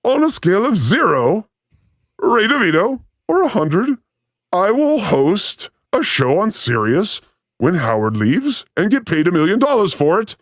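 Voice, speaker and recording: High, lively crude-joking male host. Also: measured pace, no echo, studio quality. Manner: crude, teasing, animated jokes. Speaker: podcast host. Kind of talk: casual comedic chat. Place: studio.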